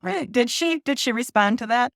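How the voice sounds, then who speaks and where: A woman's voice: a little high, expressive, moderate pace, vocal fry, dry recording, studio quality. Bubbly woman from Ohio, laughing often. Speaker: author and podcast guest. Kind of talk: casual interview chat.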